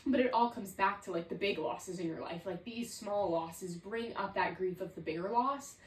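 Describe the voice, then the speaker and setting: At a normal pace and medium pitch, this woman in her 20s hosts a solo podcast, drifting through reflective thoughts with plenty of "like." The poor audio is reverberant, picked up by a distant mic.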